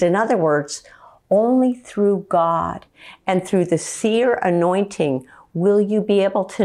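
A woman preaching a slow, earnest teaching sermon and quoting scripture. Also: mid-range voice, darkish tone.

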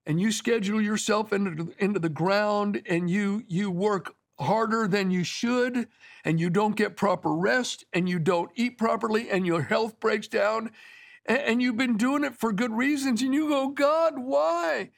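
A man's voice: sits high, measured pace, vocal fry. A man preaching a sermon in a conversational, storytelling way, with asides to his listeners.

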